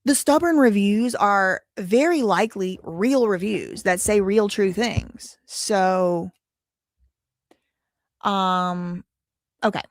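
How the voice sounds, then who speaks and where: A woman's voice: mid-range voice, slow pace, dry recording, clean studio sound. A woman hosting a live commentary show, reading out documents with sarcastic, wry asides.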